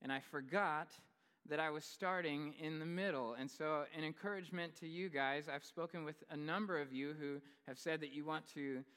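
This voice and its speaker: A young male pastor preaching a sermon in a large church, relaxed and conversational with bits of humorous storytelling. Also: a little high, moderate pace, smooth. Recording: long reverb in a large hall.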